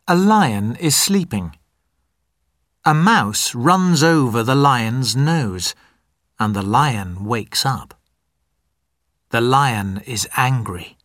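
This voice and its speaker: A narrator reading a simple story aloud for language learners, very clearly and deliberately. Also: mid-range voice, animated, a bit bright, no room sound, clean studio sound. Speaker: narrator of an English learners' reader. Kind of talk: slow scripted storybook narration.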